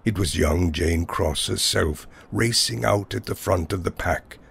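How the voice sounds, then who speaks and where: A man with a low, gravelly voice tells a whimsical first-person tale. His delivery is wry and unhurried, savoring long, playful sentences. The tone stays rough and husky throughout. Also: fairly bright tone. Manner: wry, whimsical, wordy storytelling. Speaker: narrator. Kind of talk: scripted first-person story narration.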